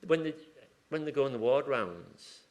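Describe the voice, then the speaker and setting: A chatty man with a medium-pitched, expressive, somewhat dark voice speaks at normal speed. He's an acupuncturist on a hospital surgery team, giving a conference talk with audience questions and sharing anecdotes while acting out ward conversations.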